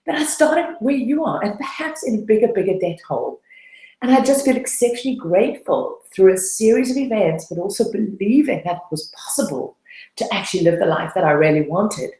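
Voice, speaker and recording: A woman's voice: mid-range voice, lively intonation, fairly quick, dark tone, echoey room, low-quality recording. A woman coach giving a webinar talk, telling her own story in an earnest, personal way. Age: adult, past her late twenties. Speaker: debt-freedom coach.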